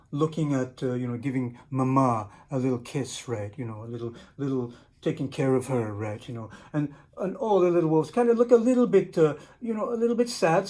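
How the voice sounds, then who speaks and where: A man's voice: fairly high pitch, warm tone. A man reading a picture book aloud and musing over its pictures. He talks casually and keeps tagging lines with "right?" and "you know". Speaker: storyteller and teacher.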